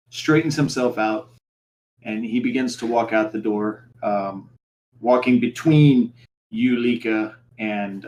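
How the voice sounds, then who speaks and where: A man narrating as game master of a tabletop game, halting with many fillers and restarts. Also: medium pitch, rough recording.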